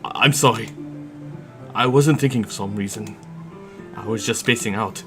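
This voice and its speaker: A man voicing a shy, anxious, bookish teenage girl from a visual novel, reading her lines in a soft, halting way with game music playing underneath. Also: lowish voice, natural voice. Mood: hesitant. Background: soft background game music.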